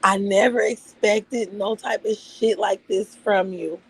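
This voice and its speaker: Heated, gravelly-voiced woman streamer. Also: mid-range voice, fairly even intonation, slow pace, low-quality recording. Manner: heated, profane, repeats phrases for emphasis. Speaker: livestream host. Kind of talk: emotional livestream rant.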